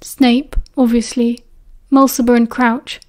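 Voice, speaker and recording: A woman's voice: a little high, little pitch movement, slow, a little mellow. A woman with a British accent voicing an exhausted, guarded teenage schoolboy who murmurs curt replies. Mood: weary, stern.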